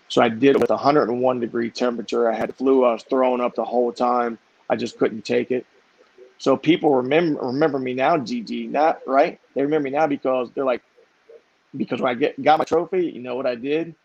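Gravelly man telling stories animatedly. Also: mid-range voice, brisk, no room sound. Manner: animated, repeats himself for emphasis. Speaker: guest, business owner. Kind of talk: conversational storytelling. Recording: dry, slightly dull lo-fi sound.

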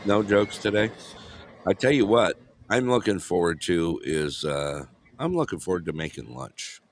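A man's voice: low-pitched, animated, moderate pace, no echo. A man co-hosting a show in rambling, jokey casual chat while camping in remote Alaska. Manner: rambling, jokey, laughs often. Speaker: co-host.

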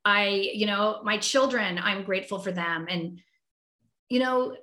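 A woman's voice: mid-range voice, measured pace, bright, forceful tone, roomy sound. A woman guest talking heartfelt and reflective in a conversational interview, often restarting her sentences. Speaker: podcast guest.

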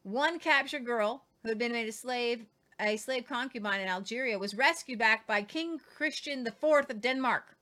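A woman's voice: on the high side, moderate pace, bright, forceful tone. A woman hosting a casual history talk, reading quotes aloud with jokey asides and stumbles over names. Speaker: host.

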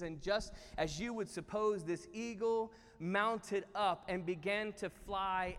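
A pastor preaching a sermon in a church, telling a story in an animated way with playful asides. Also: male voice, sits high, clean tone. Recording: church hall reverb.

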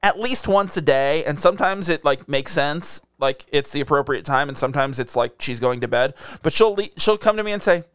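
A man's voice: on the high side, animated, brisk, few pauses, fairly bright tone, smooth, dry recording, studio quality. A man in his thirties, a podcast co-host, chatting casually in a rambling way, full of fillers and laughter. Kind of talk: casual chat.

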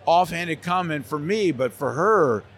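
Animated male voice actor at a convention. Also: fairly high pitch, unhurried, slight background noise. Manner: lively, slips into character voices. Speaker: voice actor guest. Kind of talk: animated interview storytelling. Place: convention center hall.

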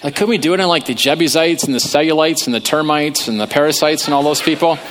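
Elijah, an incredulous, complaining male prophet, a bit higher, as a preacher puts him on. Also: fast, a bit bright, long reverb tail, a little hiss or hum, close to an everyday voice.

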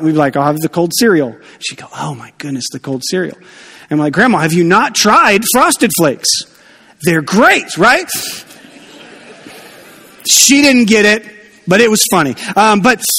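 Guy preaching in church, high voice, chatty and jokey, long echoey reverb. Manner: chatty and animated, jokey asides. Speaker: pastor. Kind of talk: sermon.

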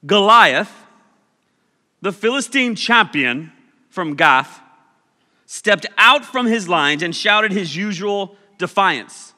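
A man delivers a casual sermon, joking and storytelling with animated energy. His voice sits a bit high and sounds bright and forceful. The recording carries the long reverb of a large hall. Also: slow pace. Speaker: preacher.

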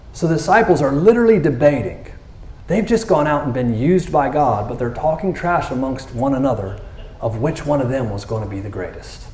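A man's mid-range voice rings through a reverberant church as he preaches as pastor. Animated and jokey, he narrates the story casually and acts out the lines spoken by its characters.

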